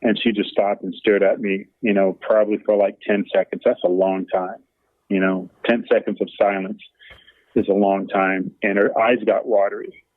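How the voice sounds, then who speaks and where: Middle-aged man, interview guest: low, monotone, emotional storyteller; thin telephone-quality audio. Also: normal speed, dry recording. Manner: emotional and earnest, many fillers and restarts. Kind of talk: candid personal storytelling. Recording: dry, tinny phone-like sound.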